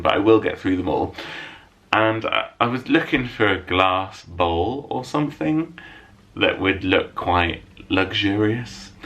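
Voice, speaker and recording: Deep gravelly man chatting to camera. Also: bright, forceful tone. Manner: self-mocking, jokey. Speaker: vlogger answering viewer questions. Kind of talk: casual chat to camera. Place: room at home lit by a window.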